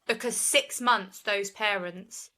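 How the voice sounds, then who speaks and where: A woman's voice: medium pitch, slow pace, sharp tone, poor audio. A woman, co-hosting a podcast and retelling a case in earnest, opinionated chat. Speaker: true crime podcast co-host.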